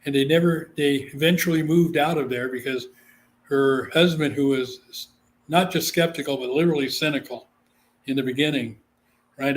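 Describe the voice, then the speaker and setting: A man from Guam, talking as a guest on an interview show at a middling pitch. He tells a long story in a loose, chatty way, drops "you know" often and slips into the voices of the people he quotes. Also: steady tone, normal speed. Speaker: psychic medium, interview guest.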